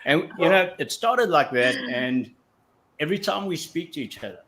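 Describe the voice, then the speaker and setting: A man's voice: fairly high pitch, lively intonation, moderate pace, fairly bright tone. A man from Africa, telling his story as a guest on a casual interview show, full of restarts. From South Africa. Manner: rambling with frequent restarts. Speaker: guest actor.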